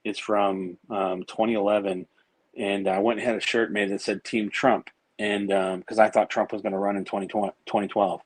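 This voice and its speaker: Low-voiced man telling rambling stories. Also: little pitch movement, moderate pace, slightly rough, dry recording, rough recording. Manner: rambling, profane, many fillers and restarts. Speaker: podcast guest. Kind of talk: casual storytelling.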